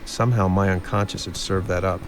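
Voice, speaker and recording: A man narrating his own story in a film voice-over, reflective and low. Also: steady tone, fairly quick, background noise, close to an everyday voice.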